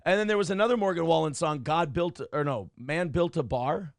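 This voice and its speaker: A man's voice: a little high, brisk, no echo, clean studio sound. A man co-hosting a streamed talk show, chatting in loose, profane banter and slipping into joke voices. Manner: animated, swings into jokey put-on voices.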